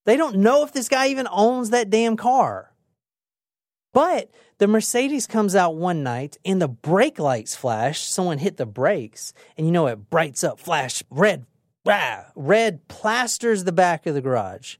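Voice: mid-range voice, unhurried, dry recording, studio quality. A podcast co-host retelling a true crime case in a casual, dramatic way, with frequent swearing. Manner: animated, profane, dramatic retelling.

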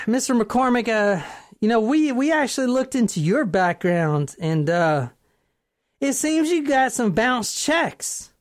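A woman's voice: on the high side, expressive, very slow, pauses often, a bit bright, heavily acted. A woman voicing a condescending small-town cop in a drawling rural put-on accent.

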